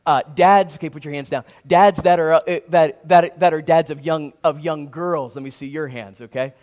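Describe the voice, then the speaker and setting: A man preaching a sermon in a church sanctuary, his voice sitting a little higher than most men's. He stops and restarts often and repeats words as he works toward a point. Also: steady tone, moderate pace, highs cut off. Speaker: pastor.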